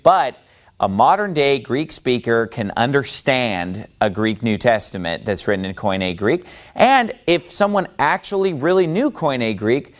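Male Bible teacher, persuasive lecture, emphatic and argumentative, fond of rhetorical questions. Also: medium pitch.

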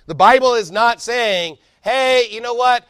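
A man preaching a sermon with fervor, reading scripture quickly and building up to shouting. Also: extremely high pitch, clear, resonant tone, no echo, studio quality. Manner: fervent preaching, rising to shouts; reads scripture aloud quickly. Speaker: pastor.

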